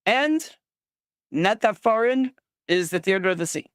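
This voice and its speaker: A wary local guide, firm and guarded, voiced a little higher than the speaker's own, with a clear, smooth tone in a dry close sound, as a game master puts him on. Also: male voice, lively intonation, unhurried, fairly bright tone, dry recording.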